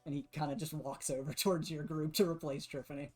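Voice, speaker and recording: A woman's voice: deep voice, steady tone, fast talker, a little mellow, soft background music. A woman narrating as game master, casual and full of fillers.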